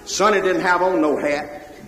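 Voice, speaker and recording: A man with a Mississippi Southern accent telling comic stories on a live stage, loud and animated, yelling for effect. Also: high voice, a little slow. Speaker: comedian storyteller. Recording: echoey hall, faint noise.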